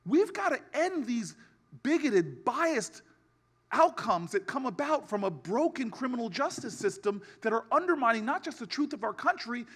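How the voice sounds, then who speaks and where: A man giving a keynote speech with a humorous storytelling streak, building to a rousing finish with shouted repetition. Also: extremely high pitch, husky. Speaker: keynote speaker.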